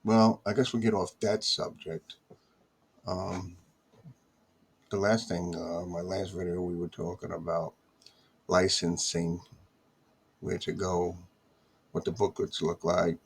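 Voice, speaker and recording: A man's voice: deep voice, animated, slow, gravelly, long pauses, husky. A man from the United States talking straight to camera in a casual, exasperated monologue, grumbling and repeating his complaints. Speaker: vlogger. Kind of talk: casual ranting video monologue.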